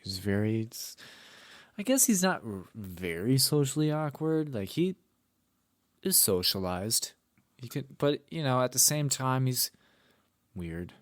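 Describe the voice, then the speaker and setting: A man's voice: medium pitch, sing-song, unhurried, long pauses, dry recording, studio quality. A young man co-hosting a podcast, telling a rambling anecdote with swearing and laughter. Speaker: podcast co-host. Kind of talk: casual podcast chat.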